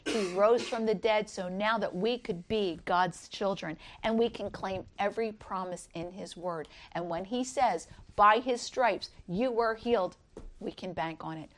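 A middle-aged woman giving an earnest Easter devotional talk, reading scripture and telling personal stories. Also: unhurried. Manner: earnest, rises high when voicing others.

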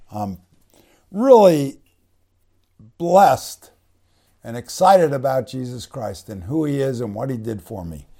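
A man with a mellow, medium-pitched voice preaches a conversational bible-teaching sermon. He explains Greek words, spelling them out slowly, and fills his phrases with "you know," other fillers, and restarts.

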